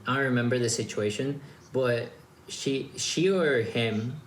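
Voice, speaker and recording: A man's voice: medium pitch, a little slow. A man from Mexico hosting a casual chat, rambling loosely and trailing off mid-sentence. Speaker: host. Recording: roomy echo with faint background noise.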